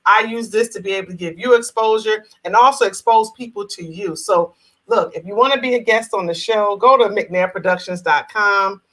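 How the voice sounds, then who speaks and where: Bright-voiced, chatty woman hosting a talk show. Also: mid-range voice, normal speed, poor audio. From New Jersey. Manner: chatty and encouraging, many affirmations. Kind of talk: casual live-stream talk show.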